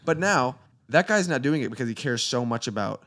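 A young man co-hosting a podcast, rambling through an animated rant in casual chat. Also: medium pitch, brisk. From Pacific Northwest. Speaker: podcast co-host.

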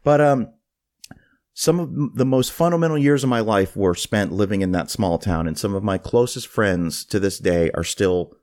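Male host, casual storyteller, lower register, stumbles and restarts. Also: normal speed. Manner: animated, restarts phrases. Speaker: podcast host.

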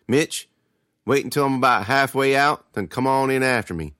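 A man voicing Lee, a steady, protective teenage older brother who gives orders in drawling country speech, in a horror storybook reading. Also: medium pitch, moderate pace, dry recording, studio quality, lightly acted. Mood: calm, commanding.

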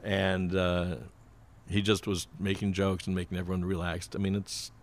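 Low-voiced man telling rambling stories. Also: flat delivery, moderate pace. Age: older. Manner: rambling anecdotes with frequent laughs. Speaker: guest musician and producer. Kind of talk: casual storytelling chat.

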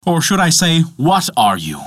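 A mighty thunder god speaks with commanding indignation, as a man puts him on for a told myth. His pitch runs lively and sits a touch high. The recording is close and dry. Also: measured pace, no room sound, heavily acted. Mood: mocking.

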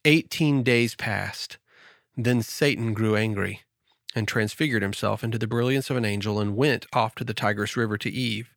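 A man's voice: fairly low pitch, normal speed, gravelly, fairly bright tone, dry recording, clean studio sound. A man co-hosting a Bible study podcast, reading passages aloud with joking asides. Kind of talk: reading scripture and casual discussion.

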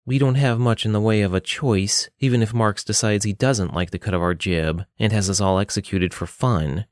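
A man voicing a sharp-tongued, sarcastic young woman who leads an adventurers' guild. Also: lowish voice, normal speed, no echo, clean studio sound, lightly acted. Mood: wry. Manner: sarcastic, blunt.

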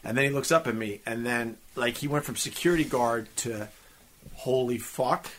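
A man's voice: mid-range voice, fairly quick, slight background noise. A man from New York hosting a podcast, chatting casually with lots of laughter and doing ad reads. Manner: loud, laughing banter. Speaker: podcast host. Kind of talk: casual chat and ad read.

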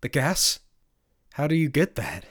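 A man's voice: fairly high pitch, very animated, a little slow, pitched above the performer's own voice. A man voicing a naive, awkward young man, earnest and easily flustered.

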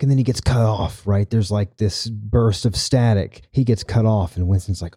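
Podcast host, man, casual recapper, deep dark tone, dry mic. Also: normal speed, hardly any pauses, no echo. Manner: chatty, tags lines with "right?".

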